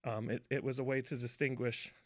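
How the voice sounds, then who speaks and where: A man's voice: medium pitch, level tone, fairly quick, no echo, studio quality. A man from a distillery, explaining a whiskey in an upbeat way. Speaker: distillery guest. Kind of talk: interview answers.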